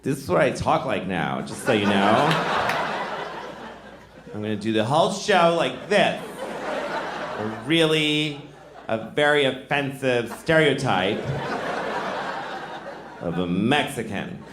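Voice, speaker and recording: A man's voice: medium pitch, animated, takes it slowly, long pauses, background noise. A man in his forties from Boston doing a rambling, self-mocking, crude stand-up set on a comedy club stage. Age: 40s. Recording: echoey club with loud crowd.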